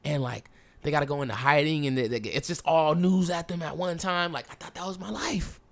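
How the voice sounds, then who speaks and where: A young man hosting a podcast tells a personal story in animated, slangy speech full of swearing, acting out the dialogue from the past. His voice is fairly high, fairly quick, and gravelly.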